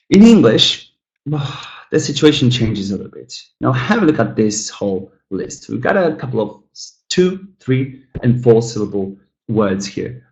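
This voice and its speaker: A male English teacher leads an online class in a relaxed, chatty way. His voice sits at an ordinary middle pitch. He often addresses the students as "guys" and says example words slowly to model stress. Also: low-quality recording.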